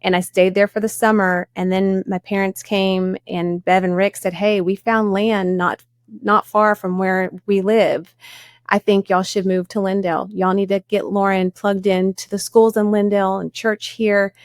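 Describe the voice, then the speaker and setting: Earnest woman with a gravelly edge. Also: mid-range voice, flat delivery, normal speed, no room sound, clean studio sound. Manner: earnest storyteller, voice rising when moved. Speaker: guest. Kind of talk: personal testimony in a faith interview.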